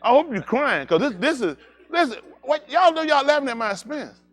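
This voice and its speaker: Animated man preaching with comic stories. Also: a little fast. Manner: animated, jokey, slips into high-pitched voices for characters. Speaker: pastor. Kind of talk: comedic storytelling sermon.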